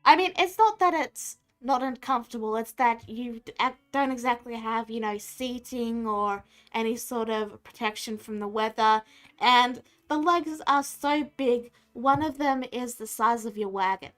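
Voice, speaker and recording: A woman's voice: fairly high pitch, moderate pace, fairly bright tone, soft background music. A woman running a tabletop game as dungeon master, describing scenes in a playful, rambling way.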